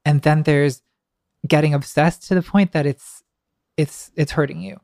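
In a studio-quality, dry recording, a woman with a deep, slightly mellow voice talks at a moderate pace and in a steady tone. As a guest in a reflective conversation, she stumbles, restarts and fills pauses, now and then laughing lightly at herself.

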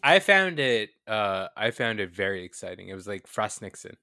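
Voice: medium pitch, big pitch swings, moderate pace, bright, forceful tone, no echo, studio quality. A podcast co-host chatting casually and enthusiastically about a show, laughing often. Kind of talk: casual recap chat.

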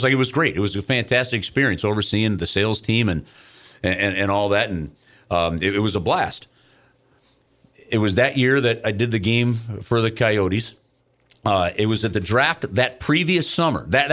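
A middle-aged man telling a story as an interview guest, in a casual and animated way, acting out other people's lines. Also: lowish voice.

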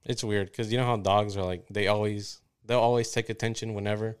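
Brief: male podcast host, slightly low voice, easygoing banter, curses casually. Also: little pitch movement, fairly quick, clear, resonant tone. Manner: laid-back, swears freely, jokey.

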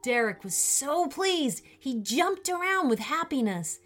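A woman storyteller reads a children's tale aloud. Her voice is bright and sings up and down, paced slowly, with soft music behind her. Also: high voice. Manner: slow, expressive reading.

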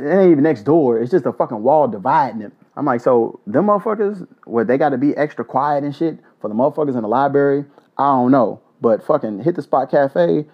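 Profane lively-voiced man hosting a podcast. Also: medium pitch. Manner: profane, blunt, joking shout-outs. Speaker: podcast host. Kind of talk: casual solo podcast. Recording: dull lo-fi audio.

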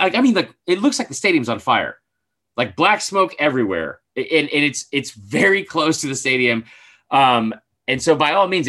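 A man's voice: mid-range voice, pushed and bright. A man co-hosting a casual podcast, telling a story in a rambling way, with lots of filler words and casual swearing. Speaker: podcast co-host.

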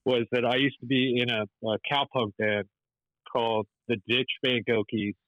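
A man's voice: mid-range voice, steady tone, moderate pace, a bit bright, no room sound. Rambling man with a dull, lo-fi sound. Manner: rambling, many restarts and filler words. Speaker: animator and musician guest. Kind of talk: storytelling interview.

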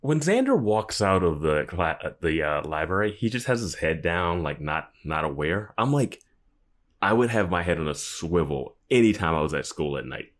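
Deep, lively-pitched podcast co-host. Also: male voice, normal speed. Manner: jokey, animated reactions, laughs a lot. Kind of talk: casual recap chat.

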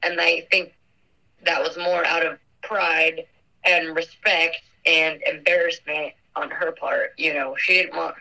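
A young woman telling a painful family memory in an earnest, halting way, with frequent fillers. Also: low voice, little pitch movement, gravelly, pushed and bright, poor audio. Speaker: interviewee. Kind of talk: personal recollection.

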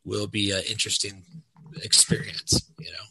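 A man's voice: on the low side, flat delivery, normal speed, vocal fry, pushed and bright, slightly rough, poor audio. A man who is a podcast guest, explaining ideas and searching for words in a casual discussion.

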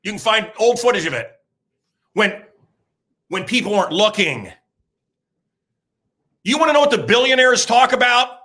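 Radio host guy in his sixties, high tense voice, rants loud and crude, keeps circling back, yells now and then. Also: big pitch swings, moderate pace, pauses often. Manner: loud, emphatic, crude, bursts into shouting; rambling, repeats himself. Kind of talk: ranting talk-show monologue.

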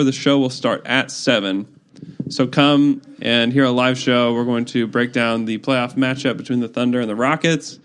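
Mid-pitched podcast host man. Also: clear, resonant tone. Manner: brief reactions, then brisk announcements. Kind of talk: casual chat and show plugs.

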